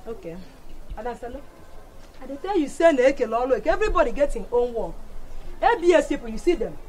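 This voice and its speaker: A woman's voice: high voice, expressive, fast, a little mellow, a little hiss or hum, low-quality recording. A woman with a Nigerian accent in a comic skit, protesting and arguing in Pidgin. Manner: argumentative, protesting.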